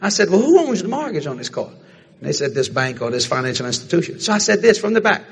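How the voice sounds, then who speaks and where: An older man from the American South preaching a sermon, telling folksy family stories with frequent shouting and laughter. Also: high voice, big pitch swings, quick pace, husky, big-room sound.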